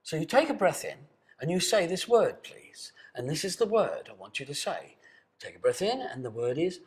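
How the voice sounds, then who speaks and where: An older man, a voice coach, leads a guided exercise with a lively, swooping delivery and a fairly high voice. He coaxes and invites, one moment dropping to a hush and the next holding out a full, ringing tone. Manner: coaxing, animated, swings between soft hushed asides and bold sustained tones. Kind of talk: guided voice exercise spoken to camera. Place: seated indoors.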